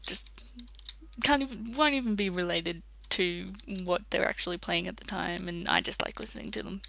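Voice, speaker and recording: An Australian let's play commentator rambling casually while gaming, chatty and quick to laugh. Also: mid-range voice, creaky, pushed and bright, a little hiss or hum.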